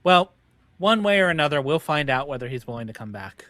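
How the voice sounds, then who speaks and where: A man's voice: on the high side, sing-song, fairly quick, sharp tone, no echo. A man playing a tabletop game, talking in a hesitant, wheedling way with many fillers. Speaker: player. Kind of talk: casual tabletop game chat.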